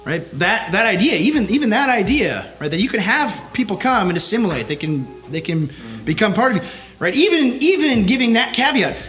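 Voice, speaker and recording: Man, pastor, conference talk, higher-than-usual voice, emphatic, "right?" after each point. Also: a bit bright. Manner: emphatic, keeps tagging lines with "right?".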